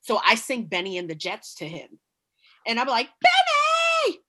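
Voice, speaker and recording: Lively bright-voiced woman podcast host. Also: medium pitch, normal speed. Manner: lively storyteller, mimics voices, laughs often. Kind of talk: casual chat.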